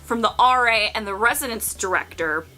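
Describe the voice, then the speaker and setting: A young woman in her twenties telling casual stories to camera, animated and profane, acting out the people she quotes. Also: on the high side, normal speed. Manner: animated, profane, acts out quotes in shifting voices. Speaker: vlogger. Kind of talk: casual storytelling.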